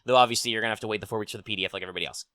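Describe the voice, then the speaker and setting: Male host, casual rambling news chat into a desk mic; low-ish, bright, dry close sound. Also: steady tone, rapid-fire, no room sound. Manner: rambling, frequent ums and restarts, swears casually. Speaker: tabletop RPG news host. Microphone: desk mic on arm.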